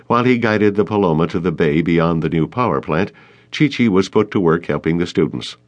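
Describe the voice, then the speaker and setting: A male audiobook narrator with a lowish voice and a lively, animated storytelling delivery. He reads with expressive rises and falls. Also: fairly quick, dull audio. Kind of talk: scripted narration.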